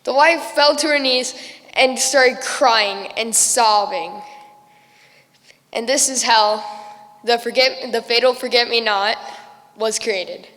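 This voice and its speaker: A young woman telling a story at a school festival in a casual, chatty way, now and then giggling at her own lines. Her voice sits fairly high and carries a long hall reverb, as if from an auditorium stage. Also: slow pace, long pauses, a bit bright. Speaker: student storyteller.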